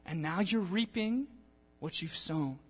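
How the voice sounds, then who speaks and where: A young man preaching a sermon in a church in a casual, animated way, acting out the people he quotes. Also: high voice, unhurried, husky. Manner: animated, conversational, acts out quotes. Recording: long church-hall reverb.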